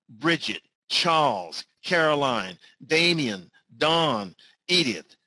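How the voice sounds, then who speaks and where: A man presenting a sales webinar, talking fast and driving home the same point again and again. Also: sharp tone, dry recording, low-quality recording. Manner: fast-talking, repetitive pitch.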